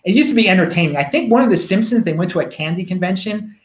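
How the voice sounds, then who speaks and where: Rambling Baltimore man, lively pitch. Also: quick pace, roomy sound. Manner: rambling, animated storytelling. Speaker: show host. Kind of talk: casual monologue.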